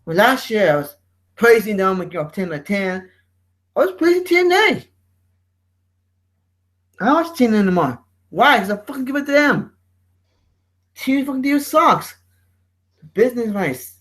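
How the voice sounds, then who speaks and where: High-voiced man ranting, profane. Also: poor audio. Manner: ranting, profane, repeats words. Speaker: show host. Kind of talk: heated casual chat.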